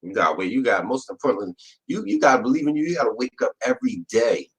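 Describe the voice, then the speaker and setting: A man's voice: medium pitch, big pitch swings, very fast, rough recording. A young man in casual podcast chat, laid-back and slangy, swearing in passing. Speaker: podcast co-host.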